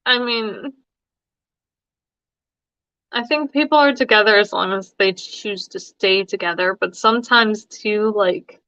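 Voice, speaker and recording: A woman's voice: medium pitch, measured pace, long pauses, pushed and bright, no room sound. A woman hosting a casual live-stream as a tarot reader, chatty and often laughing between thoughts. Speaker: tarot reader and livestream host. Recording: dry, slightly dull sound.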